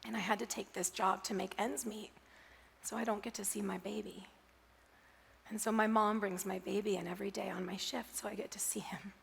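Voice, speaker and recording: A woman voicing a grieving young mother who works as a checkout clerk, speaking softly and nearly whispering. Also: mid-range voice, level tone, brisk, gravelly, slight background noise. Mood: sad. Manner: soft, hushed, near whisper.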